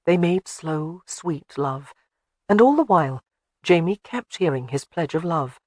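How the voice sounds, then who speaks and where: A man reading an audiobook in a measured, even way. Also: on the high side, no echo. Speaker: audiobook narrator. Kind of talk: scripted narration.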